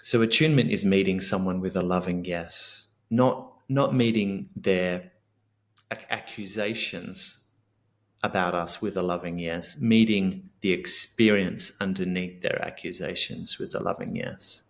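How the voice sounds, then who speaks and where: Earnest low-voiced man. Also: unhurried. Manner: earnest, reflective, acts out sample dialogue. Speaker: guest author and coach. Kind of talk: podcast interview.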